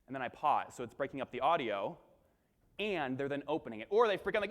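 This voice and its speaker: High-voiced man giving a punchy keynote. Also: lively intonation, brisk, fairly bright tone. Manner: punchy, crowd-engaging, acts out webinar lines. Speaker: keynote speaker. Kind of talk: energetic conference keynote. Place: large conference hall. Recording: long hall reverb.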